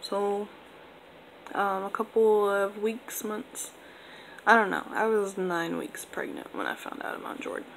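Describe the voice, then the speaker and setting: Young woman vlogger, mid-pitched and gravelly with fry, casual rambling storytime delivery. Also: lively intonation, measured pace, slight background noise, rough recording. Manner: rambling, filler-heavy, laid-back.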